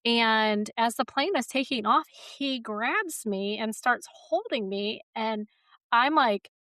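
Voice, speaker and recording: A woman's voice: fairly high pitch, slow pace, fairly bright tone, dry recording, studio quality. A woman in her forties hosting a podcast, chatting casually and laughing often. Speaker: podcast host. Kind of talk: casual conversation.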